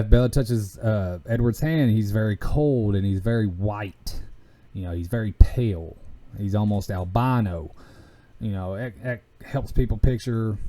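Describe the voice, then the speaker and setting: Lowish and dark in tone, this male podcast host's voice carries a Southern US country accent. His casual talk rambles haltingly, riddled with fillers and restarts.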